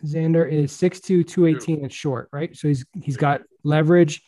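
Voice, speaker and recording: A man hosting a casual baseball podcast, chatting in a relaxed way with lots of fillers. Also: fairly high pitch, normal speed. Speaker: podcast host.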